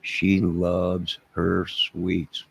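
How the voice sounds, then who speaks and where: Gravelly low-voiced Southern man rambling. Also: completely flat delivery, extremely slow, a bit bright. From American South. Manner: rambling, jokey, talks to chat viewers by name. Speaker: live stream host reading chat. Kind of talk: casual live-stream chat.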